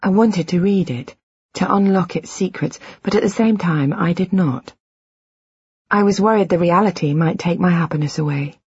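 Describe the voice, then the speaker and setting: Breathy low-voiced woman narrating. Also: normal speed, darkish tone, no echo, muffled recording. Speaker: audiobook narrator. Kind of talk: first-person audiobook narration.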